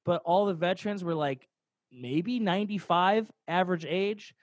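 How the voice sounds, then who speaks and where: A man's voice: sits high, moderate pace, dry recording, muffled recording. A young man casually telling a rambling, profane story, laughing along the way. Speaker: podcast storyteller.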